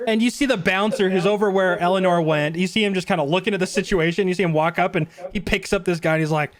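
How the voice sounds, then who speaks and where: A man narrating as dungeon master, quick and animated, often laughing. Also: high-pitched. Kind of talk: narrating a tabletop game.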